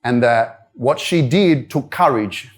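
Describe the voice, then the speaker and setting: Young Australian motivational speaker, candid and loose, filler-heavy storytelling at a live event. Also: male voice, medium pitch, slow pace. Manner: candid storytelling, frequent "like" and "you know" fillers. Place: wellness centre event room.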